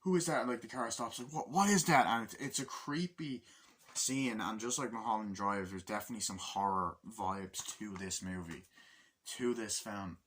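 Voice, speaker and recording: A man's voice: lowish voice, fairly even intonation, moderate pace, fairly bright tone, a little hiss or hum. A man giving a casual, rambling movie review, full of swearing and filler words. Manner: rambling, profane, acts out scenes in quoted voices.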